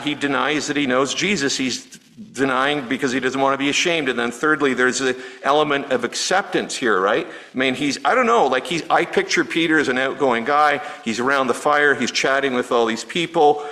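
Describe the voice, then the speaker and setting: Bright-voiced man preaching conversationally. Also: medium pitch, rough recording. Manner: conversational, asks the audience questions, many restarts. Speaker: pastor. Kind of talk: sermon.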